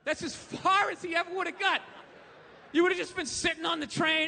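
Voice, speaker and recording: A middle-aged male stand-up comedian ranting profanely and rapid-fire on a live theater stage, into a handheld mic. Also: very high-pitched, fairly even intonation, vocal fry, pushed and bright, big-room sound.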